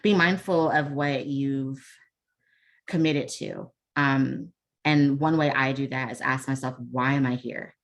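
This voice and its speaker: A woman's voice: extremely low pitch, fairly even intonation, measured pace. A woman presenting a leadership webinar over a video call, talking casually with many ums and restarts and self-deprecating asides. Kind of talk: casual online workshop talk.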